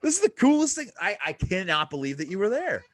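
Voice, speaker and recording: A man hosting a podcast, telling a story in a casual, excited way and swearing freely. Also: high voice, quick pace, no echo. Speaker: podcast host.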